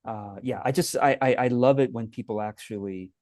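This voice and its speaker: Man, casual interview, mellow dark tone, soft-spoken, affirming. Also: mid-range voice, moderate pace, dry recording. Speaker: guest and productivity teacher.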